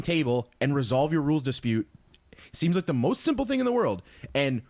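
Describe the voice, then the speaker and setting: Guy on a gaming podcast, really animated voice, swears a ton, dry close sound. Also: mid-range voice, a little fast, no room sound. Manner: profane, laughing, jokey. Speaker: podcast co-host. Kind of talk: casual chat. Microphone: studio microphone.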